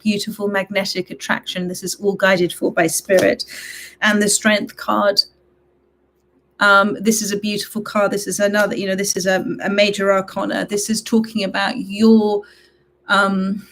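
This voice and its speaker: A woman with a croaky voice giving a live tarot reading from home, gentle and affectionate with her viewers. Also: mid-range voice, a little hiss or hum. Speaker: tarot reader hosting a live stream. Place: at home, reading from a computer late at night.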